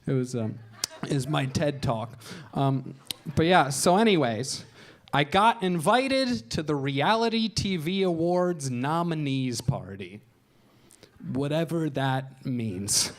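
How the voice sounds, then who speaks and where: A man doing a stand-up comedy set on a club stage, telling wry, self-deprecating stories into a handheld mic and acting out other people in raised voices. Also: a little high.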